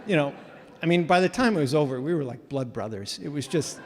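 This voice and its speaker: A man telling a story live in a casual, animated way with self-mocking humor, heard in a reverberant hall. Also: fairly high pitch, a little fast.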